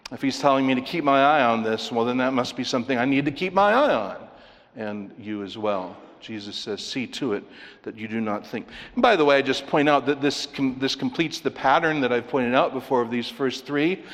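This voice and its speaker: A man's voice: mid-range voice, a little fast, fairly bright tone. Male preacher in a reverberant church. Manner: earnest, explanatory, asks rhetorical questions. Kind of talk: expository sermon. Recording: long hall reverb.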